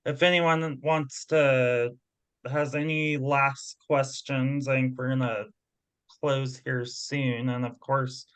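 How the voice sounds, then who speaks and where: Slow, steady-voiced man hosting a group. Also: medium pitch, smooth, dry recording. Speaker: workshop host. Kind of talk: calm group facilitation.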